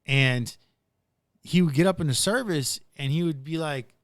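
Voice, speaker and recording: A man's voice: a little high, moderate pace, no echo, clean studio sound. Rambling man on a casual podcast. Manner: rambling, retelling stories with lots of "dude" and "like". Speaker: podcast host.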